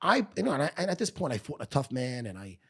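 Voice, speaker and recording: A man's voice: mid-range voice, very animated, fast, creaky, a bit bright, breathy edge. A middle-aged man, telling a blunt, profane story as a guest in a podcast studio. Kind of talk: storytelling in conversation.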